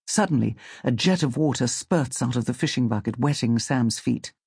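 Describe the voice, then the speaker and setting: A man narrating an audiobook story in a calm, measured way on a close studio mic. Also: medium pitch, vocal fry, husky, no room sound.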